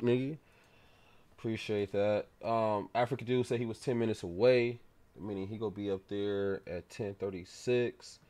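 A man hosting a live-streamed prank call, speaking in a low, mumbling, taunting way. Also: a little mellow. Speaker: prank caller host.

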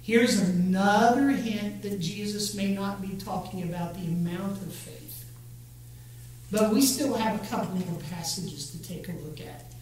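A man delivers a sermon at an unhurried pace, speaking directly to his congregation and pressing them to answer back. His voice rings through a very reverberant church sanctuary and is picked up from some distance. A faint hum sits underneath. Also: sits high. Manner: expressive, talks straight to the congregation and urges them to join in. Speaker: preacher. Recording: very echoey church, voice from far off the mic, faint hum.

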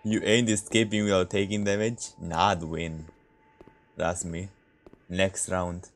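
A man's voice: sits low, flat delivery, slow pace. A man streaming a multiplayer game, chatting casually with players and laughing often. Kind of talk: casual gaming livestream chat.

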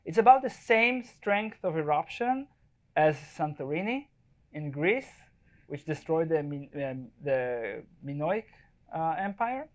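A man's voice: on the high side, sing-song, unhurried. A man, a wildlife photographer, giving a live slide talk to an audience in a chatty, joking way and often checking in with the listeners. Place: event space before a live audience.

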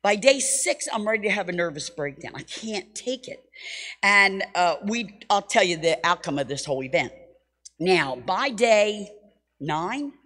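A middle-aged woman teaching at a Bible school, telling a personal story in a lively, self-mocking sermon style. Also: medium pitch, normal speed. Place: church hall. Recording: long hall reverb.

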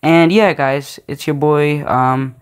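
A man's voice: fairly high pitch, steady tone, takes it slowly, a little hiss or hum. A man telling a personal story in a casual, slangy, rambling way, with many fillers and restarts. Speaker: storytime vlogger.

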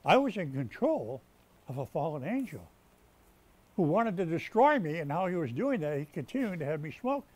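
High, lively-voiced preaching man. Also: moderate pace. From United States. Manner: preaching with rising emphasis and repeated words; stumbles and restarts mid-sentence. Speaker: pastor. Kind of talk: sermon. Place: rescue mission chapel.

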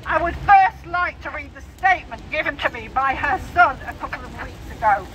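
A woman's voice: sits high, fairly quick. A woman in her sixties giving an earnest, emotional public speech at a rally, reading statements aloud. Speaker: campaigner speaking at a rally. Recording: noisy outdoor recording.

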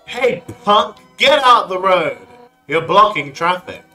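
A streamer voicing a loud, brash monster police chief from a video game, barking at a kid with punchy energy. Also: mid-range voice, expressive, takes it slowly, faint music behind, voice pushed up. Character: brash tough fish-woman police chief.

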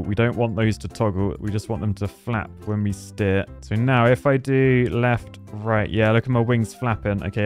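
A man in his twenties chats through a building game, working out controls aloud at a mid-range pitch. He gets loud and giddy when his creations take off, laughing easily. Soft background music plays under his voice. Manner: excitable, laughs often, thinks aloud. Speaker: gaming YouTuber. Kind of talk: casual gameplay commentary.

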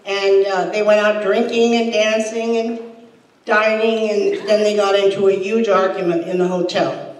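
A woman's voice: medium pitch, moderate pace. Older woman comedy host, dry delivery, recorded from a distance in a roomy hall. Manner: deadpan one-liners with quoted voices. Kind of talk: stand-up comedy. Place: hall with a laughing audience. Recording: echoey hall, distant mic, crowd laughter.

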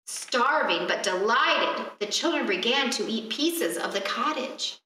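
Reading a fairy tale expressively at library storytime, a woman questions the children as she goes, her voice on the high side. She keeps a measured pace with few pauses, heard distantly in an echoey room.

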